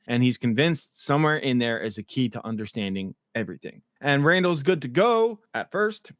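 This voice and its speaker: A man casually recapping TV episodes, excited and swearing, acting out the characters' lines as he goes. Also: medium pitch, no echo, studio quality. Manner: excited, swearing, acts out quotes. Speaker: show recap host.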